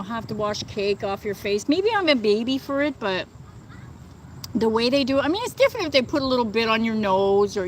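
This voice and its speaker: A woman with a voice on the high side hosts a casual livestream outdoors, within earshot of birds and thunder, answering viewers indignantly and packing her speech with fillers like "like" and "you know." The audio is poor, with slight background noise.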